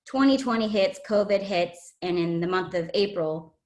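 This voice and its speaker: An earnest woman speaks at an ordinary pitch as she tells her own story. She sounds emotional and often halts on fillers. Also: normal speed, a little mellow. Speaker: guest sharing a testimony. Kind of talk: personal testimony.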